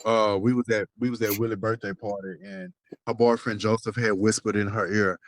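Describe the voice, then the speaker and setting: A man gossiping with his best friend on a phone call. He tells lively, profane stories in slangy talk. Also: lowish voice, a little fast, dry recording.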